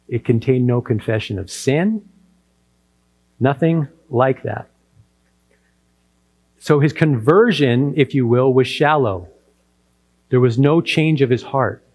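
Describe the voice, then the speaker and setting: A man's voice: medium pitch, a little mellow. A man preaching a sermon, retelling a parable and acting out the characters' lines. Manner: storytelling preacher who acts out the characters' quotes. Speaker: pastor.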